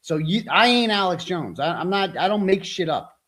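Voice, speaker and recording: A man's voice: sits high, expressive, moderate pace, fairly bright tone. Profane, combative man ranting on a livestream. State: frustrated and overwhelmed. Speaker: livestream host. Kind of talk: angry livestream rant.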